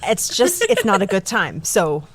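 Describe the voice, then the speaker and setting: A woman's voice: medium pitch, big pitch swings, measured pace. A woman co-hosting a casual true-crime podcast, chatty and self-deprecating, laughing often. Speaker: podcast co-host.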